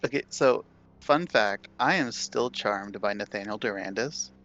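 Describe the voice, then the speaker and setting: A man's voice: fairly low pitch, a little slow, a bit bright, lo-fi sound. A man playing a tabletop game, joking and arguing rules in casual chat. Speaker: player.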